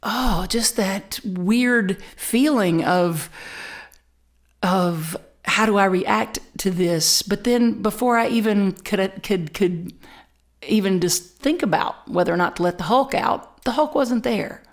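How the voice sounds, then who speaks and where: Middle-aged woman preacher; animated anecdotal sermon delivery, stumbles and restarts, mid-range voice. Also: medium pitch, takes it slowly. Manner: animated personal storytelling with many repeats and restarts. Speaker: spiritual community minister.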